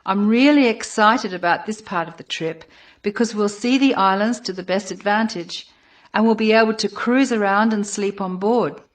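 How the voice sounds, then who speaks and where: A woman's voice: medium pitch, moderate pace, close to an everyday voice. A woman playing an upbeat trip organizer. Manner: upbeat, announcing. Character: enthusiastic female trip organizer. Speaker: trip organizer making announcements. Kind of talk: scripted exam monologue.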